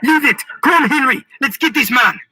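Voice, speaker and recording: A man voicing a furious, hot-headed male pirate captain who yells his lines. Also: very high voice, lively intonation, normal speed, no room sound, pitched above the performer's own voice, heavily acted. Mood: urgent yelling. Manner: yelling, enraged.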